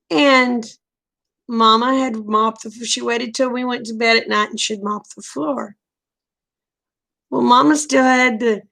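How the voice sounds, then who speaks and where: A middle-aged woman with a drawl tells a story in a casual, animated way, acting out every quoted line. Her voice sits a little high and has a gravelly fry. She sounds like she is chatting with a friend. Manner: folksy, animated storyteller who acts out quoted dialogue. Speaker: vlogger telling stories.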